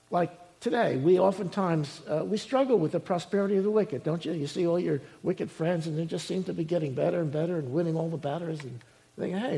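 A male pastor preaching a sermon, swinging between loud emphasis and quiet asides. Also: fairly high pitch, vocal fry.

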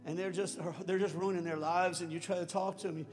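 A man preaching a sermon, telling a story with chuckles and swinging from hushed, slow passages to shouted lines. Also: high-pitched, flat delivery. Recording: long hall reverb, faint music.

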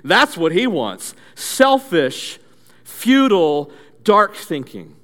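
Animated pastor in an echoing church. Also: male voice, sits high, slow pace. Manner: animated storytelling, leads the audience in call-and-response drills. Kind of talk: interactive sermon. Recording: long church reverb.

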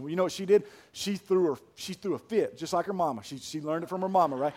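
A man preaching a sermon with a fairly high voice. He builds his points with slow, emphatic repetition and drops to a soft, hushed tone for personal stories. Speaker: pastor.

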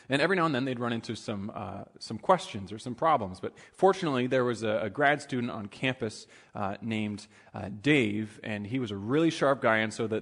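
A man's voice: medium pitch, in a large hall. A man preaching a sermon and telling a story in a conversational way, with frequent fillers and restarts.

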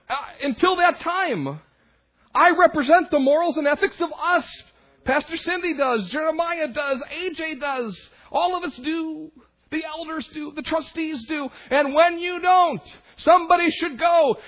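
A man's voice: very high-pitched, unhurried, muffled recording. A young adult male minister preaching a sermon in a conversational way, acting out quoted voices and adding asides.

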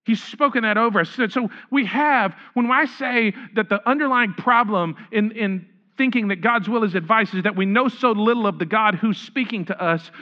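A man preaching a sermon as pastor, animated, repeating words and acting out the quotes he reads. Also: high-pitched, normal speed, few pauses, muffled recording.

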